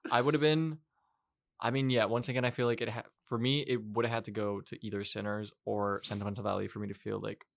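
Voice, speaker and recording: A man's voice: on the low side, little pitch movement, gravelly. A young man co-hosting a podcast, upbeat and supportive as he moves the chat along. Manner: upbeat, quick, supportive, steers the talk. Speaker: podcast co-host. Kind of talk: casual chat.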